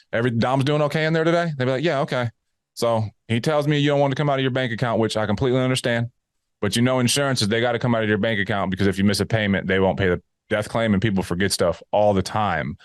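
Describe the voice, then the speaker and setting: A man's voice: lowish voice, quick pace, dry recording. Emphatic man coaching, dry sound. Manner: emphatic, animated, acts out sales calls. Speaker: agency manager mentoring a new agent. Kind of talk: casual coaching talk.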